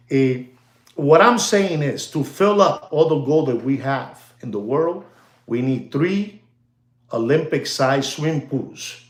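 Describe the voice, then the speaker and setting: A man casually talking watches and the gold market to his viewers, rambling and repetitive, dropping "you know" and bits of Spanish slang. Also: on the high side. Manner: chatty, repeats phrases, many "you know"s, slips into Spanish slang; hypes and jokes with the audience, calls them "ladies and gentlemen". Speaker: watch dealer and market commentator. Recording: roomy echo.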